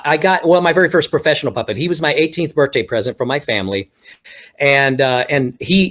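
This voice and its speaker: A man from Texas with no regional accent, a guest telling stories in a casual interview, acting out what people said to him. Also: on the high side. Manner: animated storyteller acting out quoted remarks. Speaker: guest, ventriloquist.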